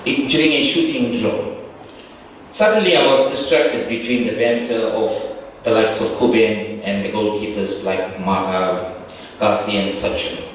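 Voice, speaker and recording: Middle-aged guy telling old stories at a reunion, far off mic in a big booming hall, faint room hum. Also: measured pace. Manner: reflective storytelling with warm humor. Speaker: speaker at a reunion. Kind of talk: spoken tribute. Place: large echoey hall. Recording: distant, echoey hall recording with faint ambience.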